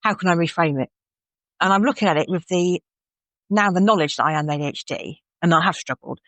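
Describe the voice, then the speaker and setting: A woman's voice: fairly low pitch, fairly quick, a bit bright, dry recording, lo-fi sound. A woman co-hosting a podcast in casual chat, talking candidly and reflectively as she thinks aloud. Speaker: podcast co-host.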